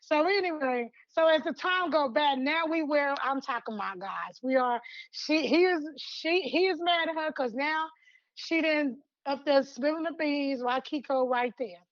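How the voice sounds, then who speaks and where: A woman co-hosting a podcast in casual chat, retelling a story in an animated way and acting out the lines. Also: sits high, moderate pace, no room sound. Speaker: podcast co-host. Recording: dull lo-fi sound.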